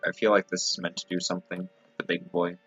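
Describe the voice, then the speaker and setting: A young man with a very low yet bright, forceful voice chats through a game stream, joking and reading on-screen text aloud. His talk is loose and full of fillers. The mic sounds dull and lo-fi, with faint game music underneath. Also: little pitch movement, fast. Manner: jokey, chatty, lots of "like" fillers. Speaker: streamer, indie game developer. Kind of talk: casual let's-play commentary, reading game text aloud.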